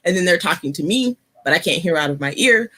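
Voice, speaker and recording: A woman hosting a casual live-stream chat, talking softly because of an ear infection, laughing and chatty, sitting close to her computer mic. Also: fairly low pitch, lively intonation, fast talker. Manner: chatty, laughing asides, many fillers. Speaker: host.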